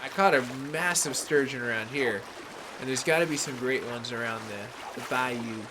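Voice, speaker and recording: A man's voice: mid-range voice, moderate pace, noisy background. A man from the Bay Area in California, casually rambling through live game commentary, greeting chat viewers by name. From San Francisco Bay Area, California. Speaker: gaming livestreamer.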